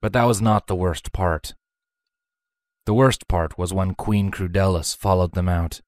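A woman narrating a fan fiction story in an expressive storytelling manner. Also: extremely low pitch, a little slow, dry recording.

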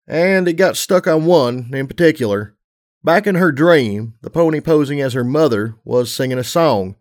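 A man reading a story aloud, narrating in a steady, even storytelling manner. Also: medium pitch. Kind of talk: audiobook reading of fan fiction.

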